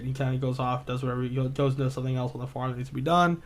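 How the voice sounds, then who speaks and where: A man's voice: mid-range voice, level tone, very fast, few pauses. A man co-hosting a podcast in casual chat, rambling through a retold story with lots of swearing and filler words. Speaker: podcast co-host.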